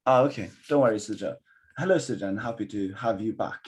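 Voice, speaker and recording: A man's voice: lowish voice, quick pace, slight background noise. A man teaching a live online Mandarin lesson, switching between English and Mandarin and coaching a student encouragingly. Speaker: Chinese teacher.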